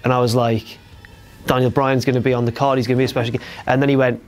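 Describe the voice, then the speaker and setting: A young man, chatting casually as host of a wrestling recap, jokey and quick to slip into silly impressions. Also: mid-range voice, level tone, over music.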